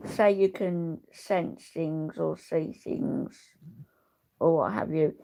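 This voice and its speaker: A woman's voice: on the low side, creaky, warm tone, slight background noise. A woman in her seventies hosting a casual livestream, chatting with viewers in a rambling, blunt, opinionated way. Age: 70s. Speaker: livestream host. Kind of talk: casual livestream chat, reading viewer comments.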